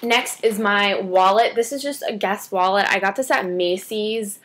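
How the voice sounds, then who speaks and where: A woman's voice: mid-range voice, normal speed, fairly bright tone, slight background noise. Chatty teenage girl vlogging. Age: teens. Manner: chatty, rambling asides. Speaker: beauty vlogger. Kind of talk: casual chat to camera.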